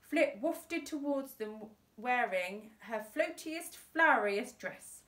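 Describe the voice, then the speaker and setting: Woman teacher reading a kids' book aloud, lively voice, echoey room. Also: a little high. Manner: brisk storytelling narration. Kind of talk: children's book read-aloud. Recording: echoey room, distant mic.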